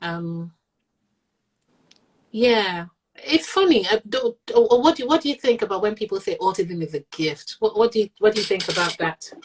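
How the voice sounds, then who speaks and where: A middle-aged mother of an autistic child, interviewed candidly, speaks at normal speed with a medium-pitched, expressive voice that has a breathy edge. She's earnest and reflective, slipping into others' voices for quotes, on a low-quality recording.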